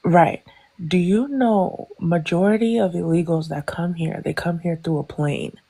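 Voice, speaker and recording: A woman's voice: fairly low pitch, unhurried, vocal fry, dark tone. A woman in her thirties from Tanzania, speaking hesitantly with many fillers as a guest on a live panel. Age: 30s. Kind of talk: live online panel discussion.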